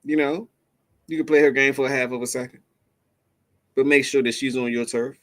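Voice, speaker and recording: A man's voice: mid-range voice, a little fast. Slangy man lecturing the fellas. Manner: animated, slangy, preaching advice to "fellas". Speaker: host reacting to a clip. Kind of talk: commentary to camera.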